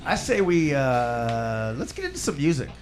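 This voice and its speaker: A man's voice: medium pitch, very animated, moderate pace, a crowd in the background. A man hosting a casual chat with a band as guests, loose and joking, swearing freely. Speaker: host.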